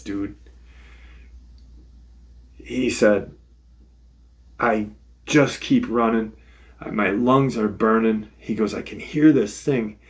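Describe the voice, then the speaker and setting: A man hosting a paranormal channel, casually retelling a witness's encounter in first person, swearing freely and repeating "he said". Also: on the low side. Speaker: paranormal podcast host.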